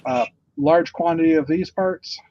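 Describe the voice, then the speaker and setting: A man's voice: a little high, unhurried, a little mellow, lo-fi sound. A man co-hosting a casual chat about toy bricks, talking with many fillers and restarts. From Canada. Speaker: podcast co-host.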